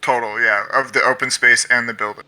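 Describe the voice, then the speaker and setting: A man's voice: medium pitch, level tone, fairly quick, pushed and bright. A man playing in a tabletop game, asking questions hesitantly, full of fillers and restarts. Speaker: player.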